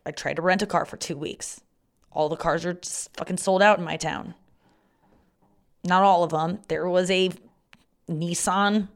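A young woman hosts her own podcast and talks through stories from her week in a loose, casual way. She swears often and breaks into loud quoted outbursts now and then. Her voice sits a little lower than most women's. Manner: swears freely, acts out loud quoted shouts. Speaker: podcast host. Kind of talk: casual storytelling monologue.

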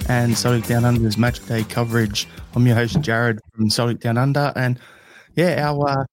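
A man's voice: medium pitch, faint music behind. A man from Australia hosting a football podcast, chatting casually with many fillers over an online call. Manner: relaxed, halting with fillers. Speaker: podcast host.

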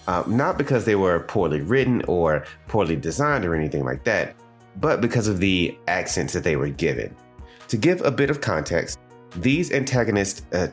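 A Southern American man hosts a casual review show in a low voice. He swings his pitch around a lot as he chats and drifts into tangents. Soft music plays faintly behind him. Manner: conversational, with digressions and asides to the audience. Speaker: anime reviewer and podcast host.

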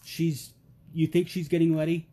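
Speaking at a moderate pace with a slightly high voice, this middle-aged podcast guest spins casual, humorous family tales. He's a lively narrator who performs the quoted lines in character and keeps things jokey.

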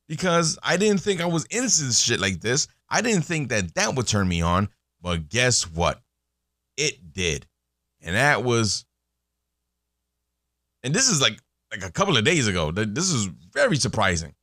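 A man's voice: fairly low pitch, very animated, unhurried, long pauses, fairly bright tone, no room sound, studio quality. A man in his thirties hosting a podcast, talking in a casual, rambling monologue full of fillers and restarts. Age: 30s. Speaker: podcast host.

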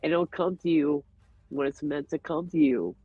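A man's voice: fairly high pitch, moderate pace, husky, no echo. Earnest reflective man, lo-fi sound. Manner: earnest, reflective, open about feelings. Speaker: podcast guest. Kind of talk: casual conversation. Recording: dull, lo-fi podcast audio.

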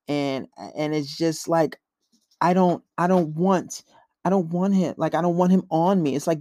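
A man's voice: on the high side, steady tone, moderate pace, a little mellow, no echo, clean studio sound. A man giving blunt, profane dating advice in a casual monologue, acting out quoted dialogue between couples.

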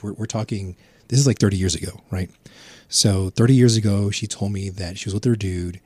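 A man's voice: low voice, a little mellow, husky, no room sound. A middle-aged man, a podcast guest, telling a rambling, profane story in casual chat. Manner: rambling, profane, laughs at his own story.

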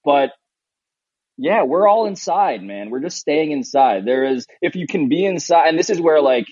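A man's voice: a little high, lively intonation, normal speed, a little mellow, husky, no echo. A man in his thirties from New York, a sleep-deprived new father, co-hosting a casual remote chat in a rambling, earnest way with many fillers. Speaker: podcast co-host. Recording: dull lo-fi remote line.

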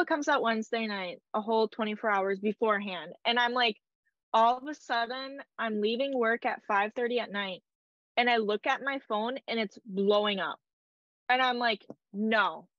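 A woman's voice: a little high, a bit bright, dry recording, highs cut off. A young woman telling a personal story in a casual, emotional way, peppered with "like" and quoted dialogue. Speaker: guest.

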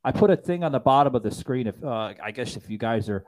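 A man's voice: mid-range voice, expressive, quick pace, background noise. A man hosting a political talk show, stammering often and repeating "folks". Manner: stammering with many fillers, keeps saying folks. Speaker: host.

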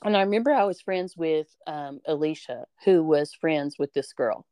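A young woman tells a high school story on her podcast with lively, animated energy, putting on the voices of the people she quotes. Her voice sits on the low side and is smooth and clear, recorded dry and close to the mic. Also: moderate pace, dry recording. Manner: animated, acts out quoted voices, swears freely. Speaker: podcast host. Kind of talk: casual storytelling chat.

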